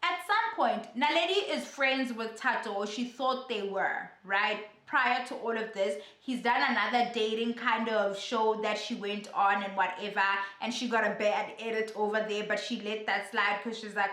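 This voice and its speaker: A young woman, chatting through a casual gossip vlog in a sassy, animated way. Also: mid-range voice, moderate pace, hardly any pauses, echoey room. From South Africa. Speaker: YouTuber.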